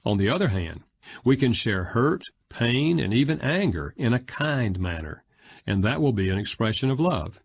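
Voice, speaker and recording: A man narrating an audiobook in a measured, expressive reading style. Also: medium pitch, husky.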